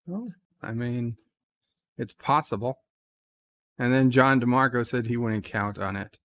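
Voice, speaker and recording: A man with a slight New York accent hosts a live stream in a relaxed, chatty way. He reads out viewer comments in a brighter, livelier voice, then answers them with dry, low-key asides at a middle pitch. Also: measured pace. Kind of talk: casual live stream chat, reading viewer comments aloud.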